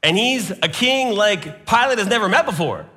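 A man's voice: sits high, expressive, normal speed, sharp tone. A man preaching a sermon, citing scripture references as he goes. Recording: long hall reverb.

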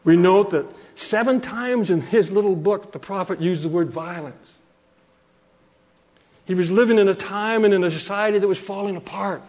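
A man preaching a sermon from Canada, earnest and repeating phrases for emphasis, slowing down to quote scripture. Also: high-pitched, darkish tone.

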